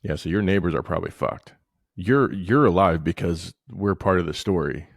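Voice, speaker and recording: Man, 30s, deep dry voice, profane rambling podcast co-host. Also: normal speed, creaky, no room sound. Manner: profane, rambling, animated storytelling. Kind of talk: casual banter.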